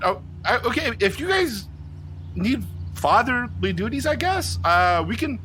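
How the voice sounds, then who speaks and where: A man's voice: extremely high pitch, sing-song, a little slow, sharp tone, slight background noise. A man playing a flustered TaskRabbit worker in an improvised comedy scene, stammering and breaking into laughter.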